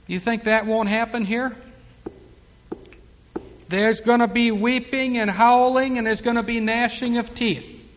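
A man leading a Bible study, chatting with his group and reading scripture aloud, slowly and loudly, with chuckles between verses. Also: very high voice, level tone. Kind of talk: conversational sermon and scripture reading. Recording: long reverb of a hall.

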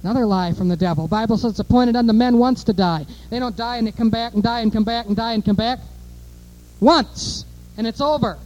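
A man preaching a fiery sermon, emphatic and repetitive, moving between offhand asides and loud declarations. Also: very high-pitched, quick pace, few pauses, lo-fi sound, soft background music.

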